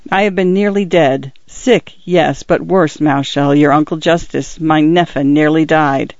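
A man's voice: on the high side, steady tone, unhurried, darkish tone, no room sound. A man reading a cold, ailing wife. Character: ailing, cold middle-aged wife, terse. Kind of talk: audiobook reading. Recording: dull, lo-fi, dry recording.

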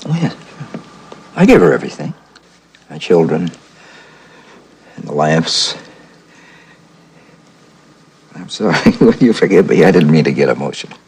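A man's voice: very deep voice, sing-song, normal speed, long pauses, darkish tone, breathy edge, heavily acted. An actor playing a sentimental, weepy divorced father who talks mournfully and apologetically. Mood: wistful. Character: weepy, sentimental middle-aged divorced man.

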